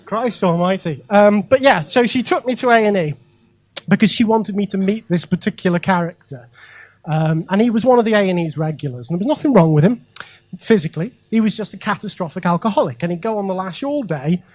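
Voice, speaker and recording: Stand-up comic, man, higher voice, chatty crowd work. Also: animated, fairly quick, darkish tone, dry recording. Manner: conversational, addresses crowd directly, frequent ums and asides. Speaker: stand-up comedian. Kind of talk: stand-up comedy set. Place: comedy club stage.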